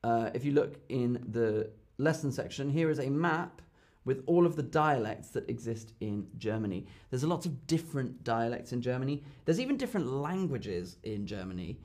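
A man's voice: mid-range voice, sing-song, normal speed, darkish tone. Chatty young man teaching live. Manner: chatty, filler-heavy, repeats key phrases. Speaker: German tutor hosting a live Q&A. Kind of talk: casual live-stream lesson.

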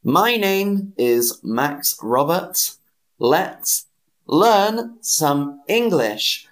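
A man teaching English on a live stream, speaking slowly and clearly, repeating phrases and greeting viewers by name. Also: a little high, big pitch swings, low-quality recording. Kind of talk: slow, clear language lesson with repetition.

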